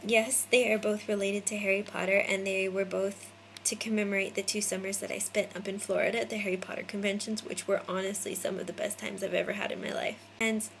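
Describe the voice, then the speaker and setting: A woman's voice: mid-range voice, little pitch movement, fairly quick, vocal fry, a bit bright, a little hiss or hum, low-quality recording. A young American woman in her twenties from Hawaii, chatting casually to viewers by name into a phone camera indoors. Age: 20s. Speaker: vlogger.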